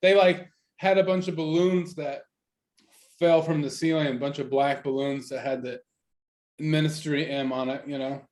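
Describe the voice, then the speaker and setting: An easygoing man on a casual podcast, talking in a halting manner with many restarts and repeated words. His voice sits a little high for a man. He keeps a laid-back, conversational tone. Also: fairly even intonation, a little mellow. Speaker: podcast co-host. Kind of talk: casual chat.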